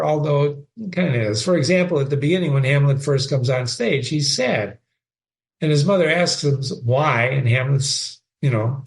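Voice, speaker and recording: A man's voice: a little high, vocal fry. A man giving an informal literature lecture as a teacher, emphatic and chatty, repeating phrases for stress.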